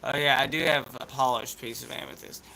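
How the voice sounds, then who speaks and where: A man's voice: medium pitch, steady tone, a little fast, gravelly, bright, forceful tone, slight background noise, poor audio. Laid-back Appalachian-accented guy. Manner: laid-back, rambling, slangy. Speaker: host. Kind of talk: casual chat vlog.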